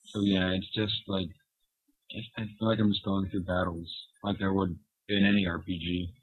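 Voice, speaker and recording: Very deep, raspy, lively male panelist. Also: normal speed, phone-quality sound. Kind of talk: casual podcast chat about video games.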